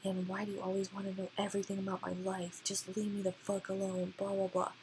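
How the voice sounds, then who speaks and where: A woman mocking a rude, dismissive young man who swears a lot, in a scornful, rushed delivery. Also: medium pitch, monotone, darkish tone, slight background noise, close to an everyday voice, low-quality recording.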